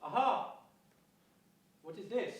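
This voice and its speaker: A male clown talks his way through his act, playfully reading out his own stage directions. His voice is very high and swings about a lot. He sounds distant in a roomy live venue with faint background noise. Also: animated, takes it slowly. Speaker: clown performer.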